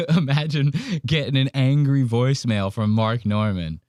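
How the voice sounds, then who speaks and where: A man hosts a podcast and riffs on a video clip in loose, profane chat, acting out the lines of the people he mocks. His voice sits at a middle pitch and is recorded dry, with no room sound. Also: unhurried, hardly any pauses, darkish tone, no echo. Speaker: podcast host. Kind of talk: casual reaction commentary.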